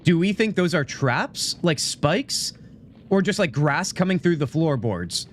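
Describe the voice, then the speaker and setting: A man live-streaming a game, chatting with his viewers in an animated, mock-indignant, joking way into a desk microphone. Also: a little high, measured pace, slight background noise. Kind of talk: casual gaming live stream, talking to chat.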